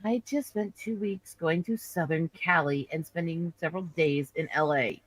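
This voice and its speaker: A woman's voice: low voice, moderate pace, dry recording, low-quality recording. Woman streamer, outraged storyteller, close and dry sound. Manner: indignant animated storytelling. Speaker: livestream host. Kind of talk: casual chat.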